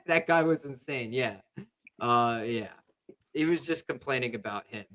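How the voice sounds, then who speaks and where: A man's voice: mid-range voice, a little slow, fairly bright tone. A young man hosting a podcast, telling a rambling sports story in casual chat with lots of fillers. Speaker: podcast host.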